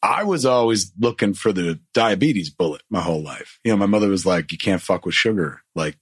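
A man with a fairly low, husky voice tells a long, rambling story, swearing freely and slipping into the voices of the people he quotes. The sound is dry and close to the mic. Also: expressive, a little fast, no room sound. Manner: profane, rambling, acts out quotes. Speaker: guest telling a story. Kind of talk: casual storytelling.

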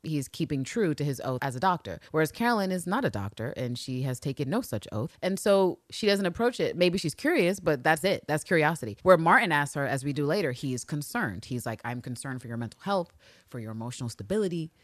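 Animated woman acting out scenes. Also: sits low, a little fast, hardly any pauses, no echo, studio quality. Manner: animated, acts out characters' lines, swears freely. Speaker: podcast co-host. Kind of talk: casual chat recapping a TV show.

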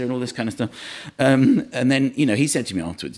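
A man's voice: medium pitch, big pitch swings, fast, hardly any pauses, darkish tone. A man chatting as a guest, telling rambling, self-deprecating anecdotes with frequent restarts. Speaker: comedian guest. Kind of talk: anecdotal chat.

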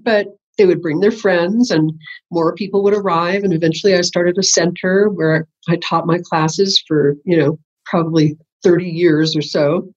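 A woman's voice: on the low side, steady tone, moderate pace, a little mellow, slightly rough. An older woman, a spiritual teacher, telling the story of how her work began in a casual interview, often laughing and acting out what she thought at the time. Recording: muffled lo-fi audio.

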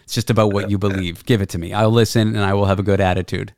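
A man's voice: on the low side, flat delivery, very fast, a little mellow, no echo, studio quality. A man hosting a casual chat, reasoning things out at length in a skeptical way. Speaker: podcast host. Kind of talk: casual conversation.

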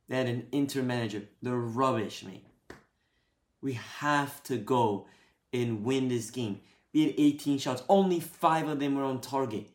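Man, football fan podcast, frustrated post-match rant, blunt and sweary, echoey room. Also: mid-range voice.

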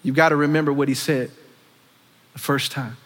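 A man preaching a sermon, swinging between loud impassioned calls and hushed, low asides. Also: fairly even intonation, moderate pace. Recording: long echoing reverb of a big hall.

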